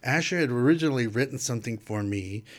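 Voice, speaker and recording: A man who is a guest artist, telling a casual, animated story and acting out the things people said to him. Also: mid-range voice, fast. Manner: animated storyteller who acts out quoted exchanges.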